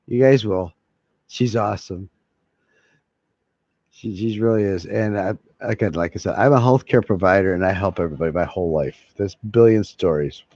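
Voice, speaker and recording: A man's voice: sits low, moderate pace, a little mellow, dry recording. A man rambling casually to his viewers, swearing freely and chuckling between thoughts. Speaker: vlogger. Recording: dull lo-fi sound.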